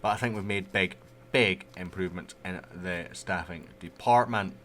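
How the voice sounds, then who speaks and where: A man's voice: low-pitched, normal speed, fairly bright tone. A man giving casual, rambling commentary over a management game he plays. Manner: chatty, rambling, loose. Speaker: gaming YouTuber.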